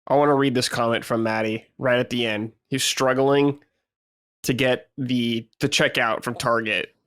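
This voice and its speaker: A man's voice: medium pitch, fairly even intonation, normal speed, a bit bright, no room sound, clean studio sound. A man co-hosting a gaming podcast, telling a story in casual chat and swearing freely. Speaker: podcast co-host.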